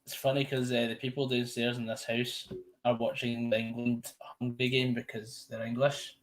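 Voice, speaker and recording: Scottish lad, 20s-30s, casual watch-along host; rambling, self-correcting delivery. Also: male voice, mid-range voice, little pitch movement, normal speed, a little hiss or hum. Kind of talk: casual live commentary chat.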